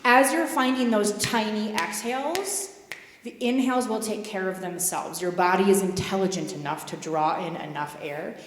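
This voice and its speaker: Lady leading yoga breathing, calm and encouraging, big roomy hall sound. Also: mid-range voice, moderate pace, slight background noise. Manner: calm, gently inviting cues with warm encouragement. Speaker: yoga guide at a spiritual center. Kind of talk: guided movement and breathing instruction.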